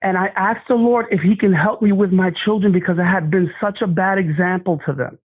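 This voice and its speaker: A man shares his testimony in an earnest, halting voice, often stopping and restarting his sentences. His voice sits a little high for a man. The sound is thin and dry, like a phone line. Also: fairly even intonation, no room sound. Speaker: guest sharing a testimony. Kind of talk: emotional personal testimony.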